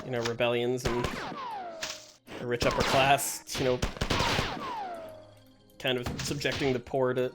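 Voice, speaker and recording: Man, casual gameplay commentary, joking, laughs a lot, mid-pitched voice, game music and gunfire behind. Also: little pitch movement, unhurried, pauses often. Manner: chatty, joking, laughs often at himself. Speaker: gameplay streamer. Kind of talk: casual let's-play commentary.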